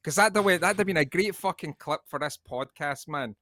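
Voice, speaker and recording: Rambling, sweary co-host. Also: male voice, a little high, normal speed, pushed and bright, no room sound, studio quality. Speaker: podcast co-host. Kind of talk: casual podcast chat.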